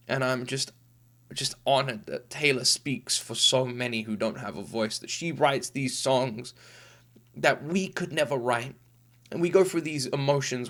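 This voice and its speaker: A man's voice: mid-range voice, a bit bright. A man in his thirties hosting a reaction video, talking in an earnest, heartfelt, rambling way with restarts, tearful after crying. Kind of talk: casual emotional monologue.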